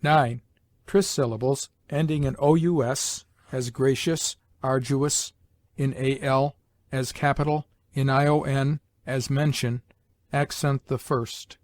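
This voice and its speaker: A man reading English pronunciation rules aloud in a measured, list-like way, slowing on each example word. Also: medium pitch, fairly even intonation, darkish tone. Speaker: English lesson narrator.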